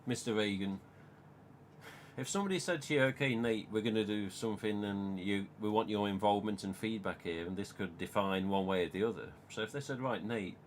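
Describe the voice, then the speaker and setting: With a fairly low voice and a little hiss or hum in the background, an English man in his forties hosts a casual live stream. He stays animated, swears often and quotes his own past words.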